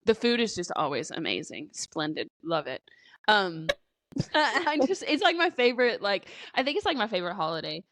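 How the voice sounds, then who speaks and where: A woman's voice: medium pitch, no echo. A woman co-hosting a podcast in casual chat, rambling and swearing freely with lots of fillers. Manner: rambling, profane, peppered with "like". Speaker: podcast co-host.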